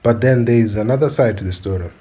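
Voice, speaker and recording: A man's voice: medium pitch, fast talker, dark tone, breathy edge, poor audio. A man, giving opinionated commentary as a channel host and asking his viewers again and again whether they understand. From South Africa. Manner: preachy, repeatedly asks "do you understand?".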